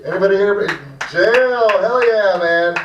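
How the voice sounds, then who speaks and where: A man's voice: high voice, a little slow, recorded from a distance, noisy background. A man hosting a comedy night, talking in a rambling, casual way with lots of fillers. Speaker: comedy show host. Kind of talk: stand-up set. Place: small cafe comedy room. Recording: dull, echoey room from afar.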